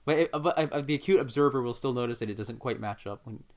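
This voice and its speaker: A man's voice: mid-range voice, quick pace. A man co-hosting a podcast in casual chat, dry and sarcastic, who swears casually. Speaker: podcast co-host.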